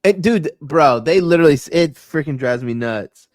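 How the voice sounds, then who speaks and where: A man co-hosting a casual podcast, laid-back and quick to grumble in slang. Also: fairly high pitch, lively intonation, no echo, clean studio sound. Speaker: podcast co-host. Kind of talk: casual chat about soccer.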